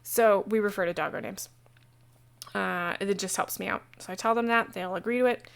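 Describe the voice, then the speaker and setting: A woman game master talking casually on a livestream about running a tabletop session, chatty and digressive, with quick asides. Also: medium pitch, fairly even intonation, gravelly, clean tone. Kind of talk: casual how-to talk on a livestream.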